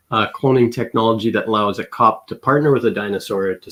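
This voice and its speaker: A man's voice: fairly low pitch, quick pace, few pauses, a bit bright. A man on a video call reading out game entries with mock-dramatic emphasis. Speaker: game show reader. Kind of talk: casual streamed chat, reading entries aloud.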